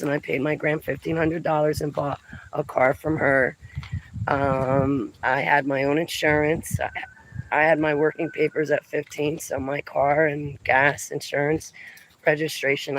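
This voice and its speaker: A middle-aged woman from New Jersey, telling stories in a chatty vlog, breaking into lively exclamations and laughs. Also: deep voice, slight background noise, poor audio. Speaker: vlogger. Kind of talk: casual storytelling chat.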